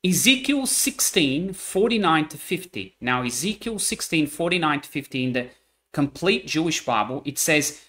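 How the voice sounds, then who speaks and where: A man reading Bible verses aloud and explaining them, deliberate and stressing key words. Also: fairly high pitch, expressive, sharp tone. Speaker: scripture reader.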